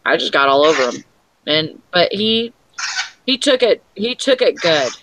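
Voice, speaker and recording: A woman's voice: fairly low pitch, sing-song, unhurried, background noise. A woman co-hosting a live online show in casual chat, telling stories and acting out the dialogue. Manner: chatty storyteller, acts out quoted dialogue. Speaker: co-host of a live reseller show.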